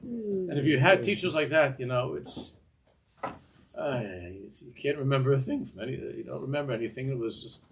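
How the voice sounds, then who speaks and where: A man's voice: mid-range voice, moderate pace, noisy background. An older man teaching a Torah class in a discursive way, often repeating words and mixing in Hebrew phrases.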